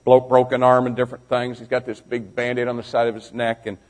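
In a medium-pitched monotone at a quick pace, a man who preaches as a youth pastor tells a sermon through stories to young people. He shifts from yelling to quiet near-whispers and keeps firing questions straight at the crowd.

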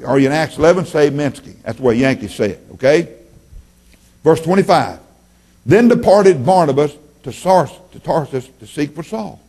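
A man's voice: fairly high pitch, moderate pace, slightly rough. Folksy preacher man, rising and dropping. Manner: folksy, animated preaching with sudden loud rises and drops. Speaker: pastor. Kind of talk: sermon. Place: church.

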